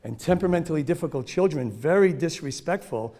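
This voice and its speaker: Animated man giving a joking lecture. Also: a little high, fairly quick, few pauses. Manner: joking, animated, laughs often, acts out examples. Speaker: child behavior speaker. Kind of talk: humorous lecture to teachers.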